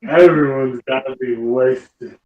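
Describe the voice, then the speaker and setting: A man's voice: medium pitch, takes it slowly. A man playing a tabletop role-playing game, making short dry remarks. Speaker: player. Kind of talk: tabletop role-play chat. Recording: echoey, dull, slightly noisy mic.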